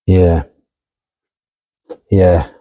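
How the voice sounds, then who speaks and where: A man's voice: sits low, steady tone, extremely slow, mellow. A man hosting a car workshop vlog, blunt and joking as he chats and walks around cars. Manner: blunt, joking, laughs often. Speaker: workshop owner and host. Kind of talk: casual banter and car walkaround.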